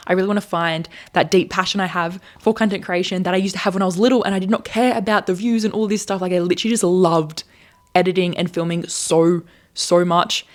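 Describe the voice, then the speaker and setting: A young woman in her twenties speaks quickly and earnestly straight to camera. Her pitch sits a little low for a woman, and she rambles and restarts as she thinks aloud in a candid confessional vlog. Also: little pitch movement. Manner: earnest, rambling, self-reflective. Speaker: content creator.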